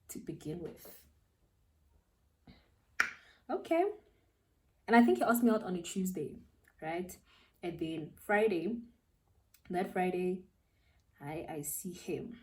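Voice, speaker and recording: A young South African woman, a beauty vlogger, telling a story while doing her makeup, animated and slangy, laughing as she goes. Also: on the low side, distant mic.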